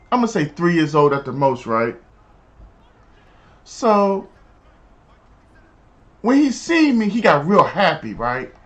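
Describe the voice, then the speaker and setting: Man, game streamer, casual chat, slangy storyteller, high voice, lively swooping pitch. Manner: animated storyteller, slangy and chatty. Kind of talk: casual live-stream chat while gaming.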